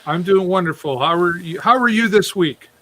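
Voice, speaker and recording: A man's voice: sits high, normal speed, heavy background noise. A man hosting a live music show, chatting and joking with his co-host and greeting viewers by name. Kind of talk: casual live show chat.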